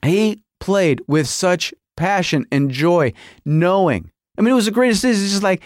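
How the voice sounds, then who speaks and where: A man in his forties telling a story as a podcast host, excitable and acting out songs and quotes. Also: high-pitched, moderate pace, no echo, clean studio sound. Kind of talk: animated storytelling.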